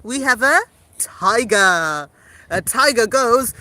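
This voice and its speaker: Mum teaching her little one animal words, slow and high, all sing-song and playful. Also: expressive, bright, forceful tone, no room sound. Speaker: mother and host of a kids' learning video. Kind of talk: playful teaching to a small child.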